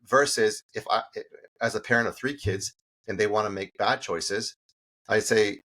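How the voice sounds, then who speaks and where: Brief: middle-aged man, low husky voice, sales coach guest, lively storyteller. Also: moderate pace. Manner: animated storytelling, acts out quoted dialogue. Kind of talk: casual interview talk.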